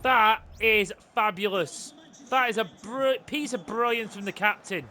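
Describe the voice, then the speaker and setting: A gaming host doing let's-play commentary, excitable and swearing as they rant at the game. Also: mid-range voice, measured pace, a little hiss or hum.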